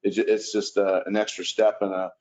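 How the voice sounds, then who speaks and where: A man advising a city commission, hesitant with many pauses, in a city hall commission room. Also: lowish voice, flat delivery, darkish tone. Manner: hesitant, many ums and restarts. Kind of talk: public meeting discussion. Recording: muffled lo-fi meeting recording.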